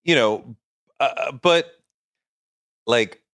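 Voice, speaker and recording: A man's voice: mid-range voice, very slow, fairly bright tone, no echo. Rambling male podcast host, dry sound. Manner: rambling, full of "like" fillers. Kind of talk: conversational podcast interview.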